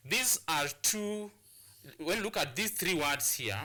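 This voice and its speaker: Kenyan guy teaching english, sharp bright voice, kinda high, keeps restarting his sentences. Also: animated, slow. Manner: repetitive, restarting phrases while explaining. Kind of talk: classroom lesson on English pronunciation.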